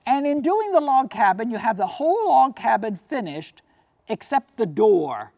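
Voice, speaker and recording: A woman's voice: on the high side, big pitch swings, moderate pace, darkish tone. A woman lecturer and tour guide telling history as a story, posing questions to her audience and often adding "you see".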